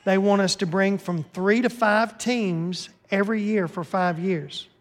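A man with a notably high voice preaches to his congregation, lively and joking as he calls people up front. His handheld mic rings out with a long reverb through the church sanctuary. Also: measured pace, noisy background. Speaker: pastor. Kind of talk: sermon with announcements.

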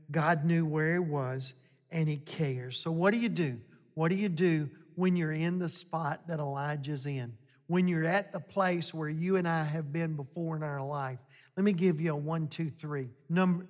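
Slow easygoing preacher guy, sermon in a big echoey hall, gets emphatic. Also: fairly high pitch. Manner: slow, conversational, rising to emphatic exhortation. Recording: long hall reverb.

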